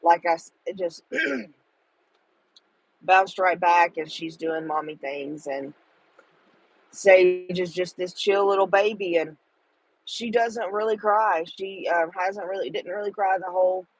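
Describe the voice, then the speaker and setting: A woman's voice: fairly low pitch, steady tone, a little slow, pauses often, poor audio. A middle-aged woman, talking to viewers in a casual livestream chat, tender and emotional. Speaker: livestream host.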